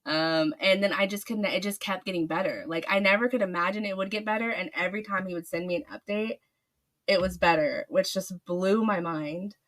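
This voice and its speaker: A woman's voice: mid-range voice, a little fast, a bit bright. A woman author telling a long story in a casual podcast interview, gushing and rambling with many fillers. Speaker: author guest.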